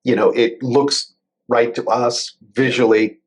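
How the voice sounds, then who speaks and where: A man speaks as a guest in a casual interview. He explains things in a measured, conversational way. His voice sits at a middle pitch. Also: level tone. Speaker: guest, cybersecurity lawyer.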